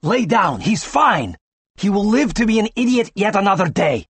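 Guy doing a nurse lady voice, higher, brisk and a bit shaky. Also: big pitch swings, slightly rough, no room sound, heavily acted. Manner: brisk, quavering. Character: young female nurse, brisk then frightened.

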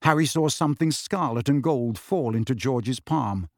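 A man narrates an audiobook with expressive, scripted storytelling. His mid-range voice goes at a normal speed, and the recording is dry with clean studio sound.

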